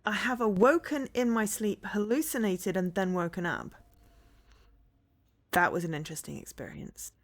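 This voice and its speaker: A woman's voice: medium pitch, normal speed. A woman streaming from home, chatting casually with her viewers, rambling, laughing often and humming bits of songs.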